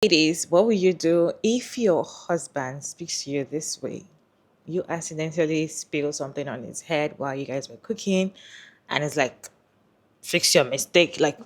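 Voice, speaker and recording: Female host for a reaction vlog. Deep, low register. Keeps putting questions to the audience. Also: darkish tone. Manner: asks viewers rhetorical questions. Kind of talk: casual reaction commentary.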